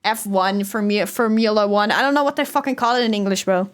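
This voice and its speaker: Chatty Dutch woman streamer, higher voice. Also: fast talker. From Netherlands. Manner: chatty and loose, swears, laughs often. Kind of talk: casual livestream chat, reading chat aloud.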